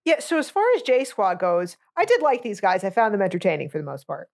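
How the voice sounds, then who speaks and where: A woman's voice: mid-range voice, big pitch swings, fast, a little mellow. A woman co-hosting a podcast, chatting casually about a movie in a blunt, sarcastic, sweary way. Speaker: podcast co-host.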